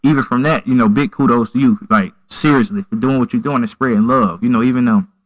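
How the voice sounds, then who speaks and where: A man's voice: mid-range voice, fast, dry recording, rough recording. A man hosting a podcast, talking loosely and repeating "you know" and "man" often. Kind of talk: casual interview chat.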